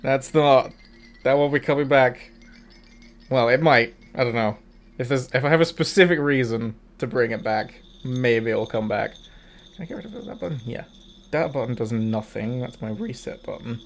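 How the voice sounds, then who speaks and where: A man's voice: medium pitch, moderate pace, vocal fry. A man streaming as a VTuber, chatting casually and often breaking into laughter. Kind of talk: casual livestream chat.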